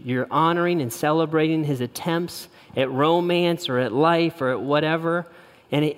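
A middle-aged pastor preaching on love and marriage. He speaks with lively storytelling and acts out the quotes in a raised, animated voice. His voice rings with the long reverb of a large hall. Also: medium pitch. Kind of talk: sermon on marriage.

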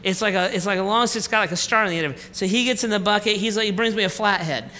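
Male pastor, bright lively storyteller, long hall echo, faint noise behind; comic sermon that slows for the point. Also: high voice. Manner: animated storyteller, acts out family dialogue, then slows for the lesson. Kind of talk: sermon with a humorous personal story.

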